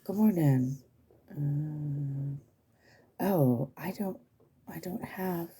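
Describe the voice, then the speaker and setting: A woman's voice: deep voice, extremely slow, dark tone, slightly rough. A woman chatting casually on a livestream, rambling, swearing freely and using many fillers.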